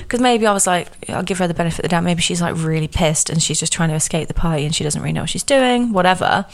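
A young woman talks through a story on her own podcast in a loose, chatty way, filling her sentences with "like" and "um". Her voice sits a little low for a woman. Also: racing, hardly any pauses. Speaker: podcast host. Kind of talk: casual chat.

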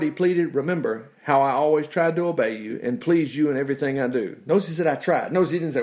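A man's voice: a little high, big pitch swings, moderate pace. A man preaching a casual, folksy sermon, often laughing and dropping in "praise the Lord". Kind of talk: conversational sermon.

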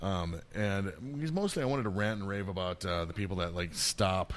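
A man's voice: low-pitched, a little fast. A middle-aged man co-hosting a casual podcast, laughing often and ranting with heavy swearing. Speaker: podcast co-host. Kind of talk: casual chat.

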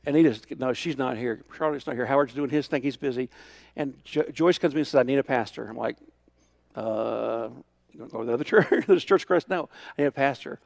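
A middle-aged male pastor preaching a sermon, telling a story with quoted dialogue and moving between hushed asides and emphatic calls. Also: mid-range voice, brisk, creaky, no echo.

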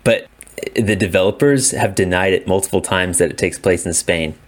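Deep-voiced man in casual gaming chat. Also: normal speed. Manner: relaxed, rambling, laughs often. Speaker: podcast co-host.

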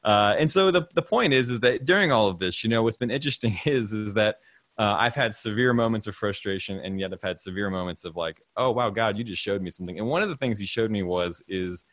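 A man's voice: fairly low pitch, expressive, brisk, a bit bright, no room sound. A man in his thirties, a host on a video call, talking about faith and fatherhood in a rambling way, repeating words and chuckling often. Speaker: podcast host. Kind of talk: casual faith talk over a video call.

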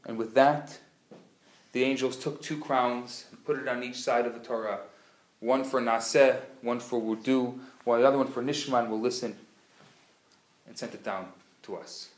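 A man teaching a live class, an animated, playful storyteller who acts out the dialogue. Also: medium pitch, moderate pace. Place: classroom at a community center. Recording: roomy live room sound.

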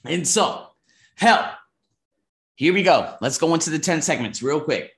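A man in his thirties reviewing his month in a vlog, emphatic and animated, swearing casually and acting out conversations. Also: on the high side, measured pace, vocal fry, echoey room. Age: 30s. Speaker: vlogger.

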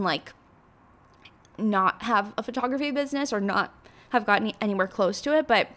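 A young woman hosting her own podcast, talking in a rambling, emotional way with many filler words. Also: mid-range voice. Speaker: podcast host. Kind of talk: casual solo podcast monologue.

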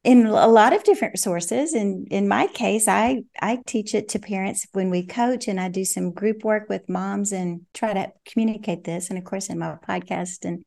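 An older woman, a parenting coach, giving reflective, measured answers in a podcast interview, often saying "you know". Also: medium pitch, vocal fry, a little mellow.

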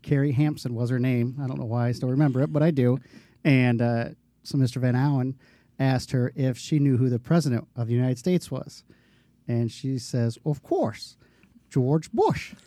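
A man's voice: mid-range voice, fairly even intonation, moderate pace, mellow, no echo. A man co-hosting a casual podcast, talking in a rambling way with many fillers. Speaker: podcast co-host, bus driver.

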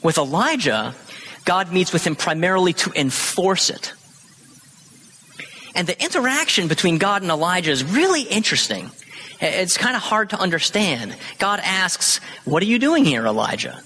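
Male pastor, thirties, lively bright preaching voice, slightly husky, long hall reverb. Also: high voice, normal speed. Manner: animated teaching, acting out quoted lines. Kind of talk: sermon.

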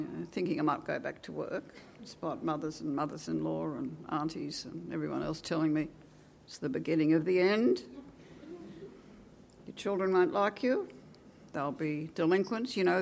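An older woman with an Australian accent, a retired teacher, recounting her career with lively acted-out dialogue and wry asides. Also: on the low side, creaky, a little hiss or hum. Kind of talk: oral history reminiscence.

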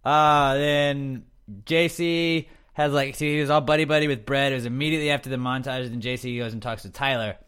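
A man's voice: mid-range voice, fairly bright tone, smooth. A young man hosting a podcast, recapping in a loose, joking, rambling chat full of fillers. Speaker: podcast host.

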